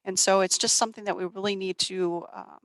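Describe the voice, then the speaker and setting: A woman from a family shelter group speaking at a community event, halting and full of fillers and restarts. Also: mid-range voice, fairly even intonation, no room sound, rough recording. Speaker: nonprofit shelter staff. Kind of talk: community presentation.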